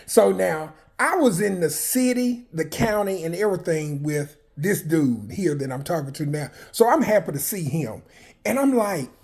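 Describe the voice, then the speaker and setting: A man from Arkansas, casually telling personal stories in a flamboyant, animated, profane way. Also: a little high, normal speed, creaky, breathy edge. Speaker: vlogger.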